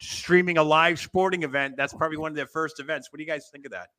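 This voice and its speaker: Bright-voiced man hosting a rambling chat. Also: on the high side, fairly even intonation, fast. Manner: rambling, laughing, trails off with fillers. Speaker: podcast host. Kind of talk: casual wrestling chat.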